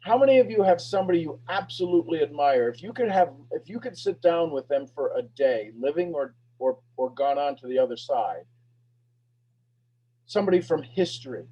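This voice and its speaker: A man leads a motivational talk, preachy and full of energy, repeating his questions and dropping from loud bursts to near-hushed lines. His voice is fairly high yet mellow and husky. He comes through on a video call with dull lo-fi sound. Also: big pitch swings, a little fast. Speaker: host of a motivational talk show. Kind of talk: live motivational talk to an online audience.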